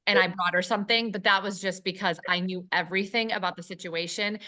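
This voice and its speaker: A woman's voice: medium pitch, steady tone, fast, sharp tone. A woman sharing her experience as a real estate agent in a chatty, rambling way on a video call. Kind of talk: casual chat.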